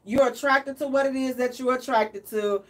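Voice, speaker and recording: A woman hosting a radio advice chat in an animated, emphatic, preachy way. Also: high-pitched, moderate pace, distant mic. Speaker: radio show host.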